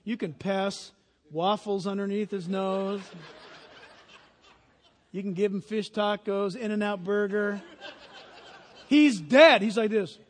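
High-voiced preacher in a reverberant hall. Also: male voice, takes it slowly, pauses often. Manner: animated preacher, builds to loud emphatic peaks. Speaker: pastor. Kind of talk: sermon.

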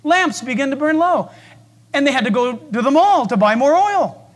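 A man preaching a sermon with lively, animated delivery. He shifts from loud declarations to soft, hushed asides and acts out the voices of the people in his stories. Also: very high voice, normal speed.

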